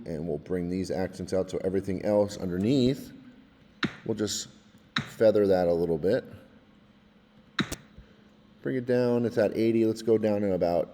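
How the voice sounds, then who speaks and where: A male music technology teacher casually walking through a software drum tutorial step by step, often checking in with "all right?". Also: low-pitched, unhurried, long pauses, big-room sound. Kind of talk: screen-recorded software tutorial.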